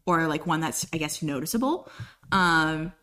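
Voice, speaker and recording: A woman from Colorado in a casual podcast conversation, telling stories in a lively way. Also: deep voice, normal speed. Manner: lively storytelling, slipping into quoted voices. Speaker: podcast speaker.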